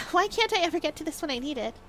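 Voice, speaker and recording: A woman's voice: sits high, expressive, quick pace, fairly bright tone, soft background music. A woman streamer chatting playfully and bubbly on a casual live stream.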